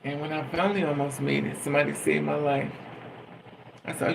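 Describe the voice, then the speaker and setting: A man's voice: on the high side, flat delivery, a little fast, creaky, background noise. A man talking in a raw, profane personal monologue, venting bluntly and emotionally as a vlogger.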